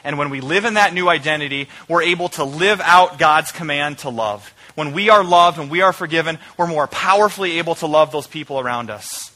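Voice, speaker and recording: Bright-voiced male pastor telling a story. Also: on the high side, fairly quick, few pauses. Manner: storytelling, shifting between loud animated bursts and quiet earnest reflection. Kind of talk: sermon with personal story.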